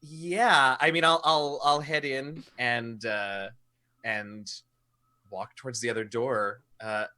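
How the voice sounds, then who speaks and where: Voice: mid-range voice, fairly even intonation, slow pace, pushed and bright. A player in a tabletop role-playing game, talking through moves hesitantly and thinking aloud. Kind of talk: tabletop role-play chat.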